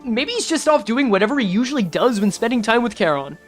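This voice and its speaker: A woman streamer chats casually over a game, joking and swearing freely, with a lively voice that rises and falls a lot. Faint game music plays underneath. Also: a little high, fast talker. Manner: joking, swears freely, laughs between lines. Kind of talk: casual let's-play commentary and dialogue reading.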